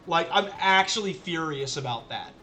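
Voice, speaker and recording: A man's voice: on the high side, expressive, normal speed, bright, forceful tone, slight background noise. A man streaming a racing management game, talking casually to his chat in an exasperated, ranting way and repeating himself. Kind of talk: casual live-stream commentary.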